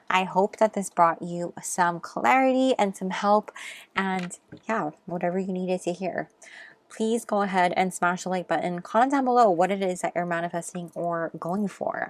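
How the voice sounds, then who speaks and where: A young woman doing a pick-a-card tarot reading, speaking gently and encouragingly with frequent ums. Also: lowish voice. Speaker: tarot reader.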